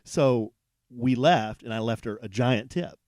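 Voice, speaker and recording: A man co-hosting a podcast from a hotel room, telling a long anecdote in a rambling, animated way with many restarts. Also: medium pitch, measured pace, no room sound, studio quality. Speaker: podcast co-host. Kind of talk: casual storytelling chat.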